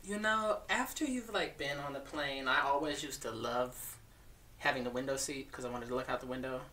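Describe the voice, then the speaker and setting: A man's voice: medium pitch, normal speed, bright, forceful tone, distant mic. A man as a podcast guest, telling travel stories in casual chat with plain, wry asides.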